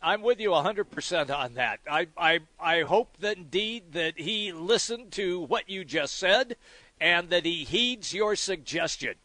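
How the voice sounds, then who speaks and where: A man's voice: sits high, animated, unhurried, sharp tone, no room sound. A man co-hosting sports talk radio, agreeable and easygoing, calling in from an event. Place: on location at a golf event.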